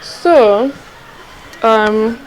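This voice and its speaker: A woman's voice: on the high side, very slow, slight background noise, low-quality recording. A young woman tells a personal story in a casual, rambling, confiding vlog, repeating herself and checking in with her listeners. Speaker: vlogger.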